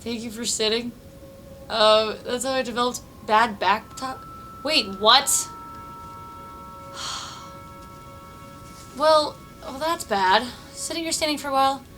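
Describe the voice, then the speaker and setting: A woman with a high, bright voice chats unhurriedly while streaming a game from her apartment. She giggles a lot, swears freely and thinks out loud, with faint music playing behind her. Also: takes it slowly, pauses often, low-quality recording. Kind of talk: casual live-stream chat while playing. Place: apartment room.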